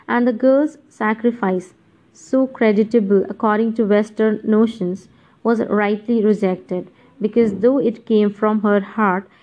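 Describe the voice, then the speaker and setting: A woman's voice: medium pitch, mellow, muffled recording. Woman reading a literary audiobook. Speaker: audiobook narrator.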